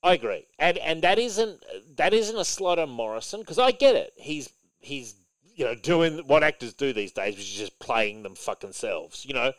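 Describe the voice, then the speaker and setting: A man's voice: a little high, very animated, normal speed, fairly bright tone, poor audio. A man co-hosting a podcast in casual chat, opinionated and swearing now and then. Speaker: podcast co-host.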